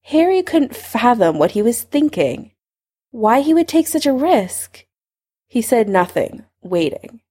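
A woman narrating a fan fiction story aloud in an expressive, conversational reading style. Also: a little high, measured pace, husky.

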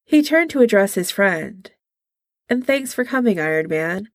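A woman narrating a story aloud in a measured, quiet way, voicing the dialogue as she reads. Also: medium pitch, big pitch swings, no echo, clean studio sound. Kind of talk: audiobook reading of fan fiction.

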